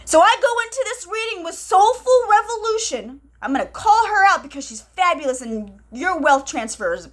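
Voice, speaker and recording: Excitable high-voiced woman streaming live. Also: moderate pace, few pauses. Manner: excited, breathless, repeats herself, tells stories with quoted dialogue. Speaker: spiritual channel host. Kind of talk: live spiritual talk to viewers.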